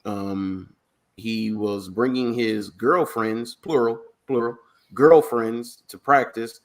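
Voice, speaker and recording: A man hosting a casual sports podcast, telling stories in an animated, joking way. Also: mid-range voice, slow. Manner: animated storytelling, jokey asides. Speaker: podcast host.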